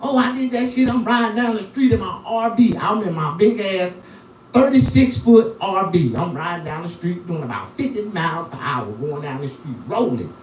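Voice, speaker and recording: Middle-aged male stand-up comic, lively high voice, profane and rambling, mic heard roomy and distant. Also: moderate pace, slight background noise. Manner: profane, animated, repetitive storytelling. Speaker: stand-up comedian. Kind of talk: stand-up comedy storytelling. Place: live comedy venue. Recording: echoey room, from far off.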